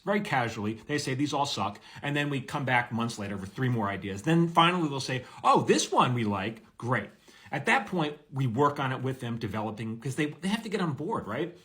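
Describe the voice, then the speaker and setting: A screenwriter giving blunt, energetic, wisecracking advice straight to the camera. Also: male voice, medium pitch. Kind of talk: direct-to-camera advice monologue.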